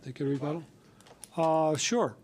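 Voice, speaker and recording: A man's voice: on the high side, a little slow, a little hiss or hum. Hesitant man chairing a town meeting. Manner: brief, procedural, slightly hesitant. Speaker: commission chair.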